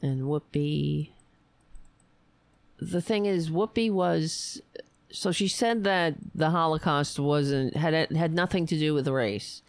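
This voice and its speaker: A woman hosting a political livestream, hoarse and raspy after a long show, reading headlines and commenting in a wry, meandering way. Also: low voice, takes it slowly, no room sound. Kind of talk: casual opinionated commentary.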